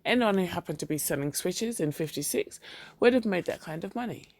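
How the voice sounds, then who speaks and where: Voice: mid-range voice, expressive, fairly quick, no room sound, natural voice. A reader voicing a cheerful, pious wife who talks sweetly and patronizingly about her husband, in a storybook reading. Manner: bright, sweetly chiding.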